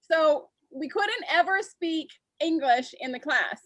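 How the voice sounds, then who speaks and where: A woman from California co-hosting a casual morning show, talking quickly and chattily. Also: high-pitched, lively intonation, no echo, low-quality recording. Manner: quick, chatty, laughs along. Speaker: co-host.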